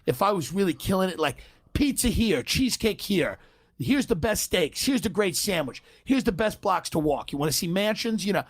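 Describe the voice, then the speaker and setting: A man spins a comic story on a podcast in a brash, profane way, full of quick asides. His voice sits somewhat high for a man. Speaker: comedian telling a story.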